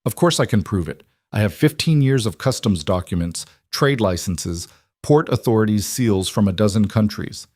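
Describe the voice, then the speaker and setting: A man's voice: lowish voice, normal speed, no echo, clean studio sound. A man doing a shrewd, grim older merchant father. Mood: indignant. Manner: flat, grim and forceful.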